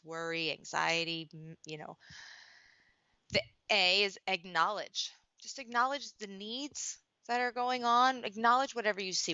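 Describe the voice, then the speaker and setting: Bright-voiced woman coach, dull lo-fi audio. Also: lowish voice, clean tone, no echo. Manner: earnest, talkative, many "you know" fillers and restarts. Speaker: parenting coach. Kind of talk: conversational interview answer.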